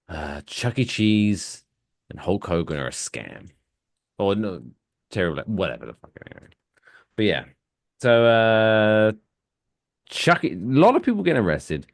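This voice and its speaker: A male podcast co-host talks in a loose, crude comedic chat, tossing in jokes and bits. His pitch swings widely as he riffs. The sound is dry and close, with no room around it. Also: no echo. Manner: crude, loud, swings into jokey impressions.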